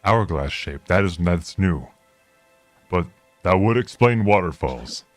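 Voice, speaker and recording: A man playing his character in a tabletop game, speaking in a measured, mock-dignified way. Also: low voice, expressive, no echo, faint music behind. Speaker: player voicing his character. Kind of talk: in-character tabletop role-play.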